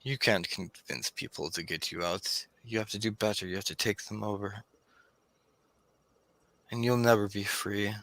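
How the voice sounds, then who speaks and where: A man's voice: lowish voice, fairly even intonation, normal speed, long pauses, fairly bright tone. A man voicing a fanatical fire-winged figure who speaks in a menacing, grandiose way.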